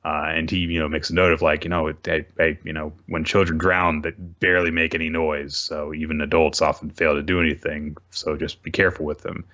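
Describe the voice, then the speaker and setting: A man's voice: very deep voice, little pitch movement, a little fast, few pauses, sharp tone, muffled recording. A man co-hosting a podcast, casually recapping manga chapters in a rambling way, often correcting himself and adding asides.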